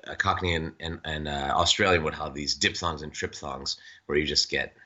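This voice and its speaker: Low-voiced bright American man, halting talk. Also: fairly even intonation, highs cut off. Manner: thoughtful, halting with many restarts and fillers. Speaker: voice actor guest. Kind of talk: casual interview chat.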